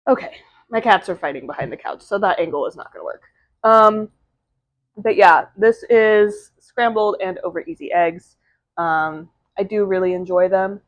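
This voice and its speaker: A woman's voice: medium pitch, normal speed, no echo. Chatty woman vlogging at home. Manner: chatty, rambling, lots of fillers like "um" and "like". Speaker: vlogger and aspiring novelist. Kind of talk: casual vlog chat to camera. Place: at home, indoors.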